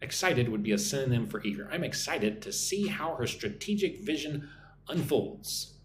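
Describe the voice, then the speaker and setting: Hosting a live-stream English lesson, a man from the US in his forties reads viewers' comments and replies casually. His medium-pitched voice is expressive and his speed normal, with some slight noise in the background.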